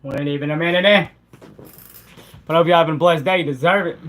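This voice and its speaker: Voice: mid-range voice, steady tone, fast talker, a bit bright. A live streamer chatting casually with viewers in a laid-back, slangy way and laughing often.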